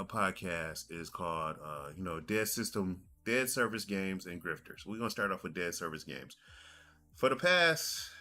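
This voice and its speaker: A man's voice: deep voice, pushed and bright. A man in his forties telling a rambling story on his gaming podcast, doubling back and repeating himself as he goes. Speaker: podcast host. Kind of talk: casual podcast monologue.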